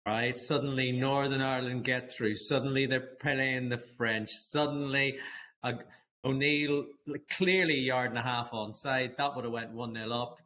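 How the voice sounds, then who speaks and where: A man guest on a podcast, retelling football memories in lively casual chat full of restarts and laughter. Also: medium pitch, moderate pace, slight background noise. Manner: lively storyteller, many restarts, frequent laughs.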